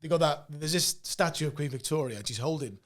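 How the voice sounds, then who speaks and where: A man, telling rambling, animated stories in a casual podcast chat and swearing often. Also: fairly high pitch, fast talker. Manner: rambling, animated storytelling with frequent swearing and restarts.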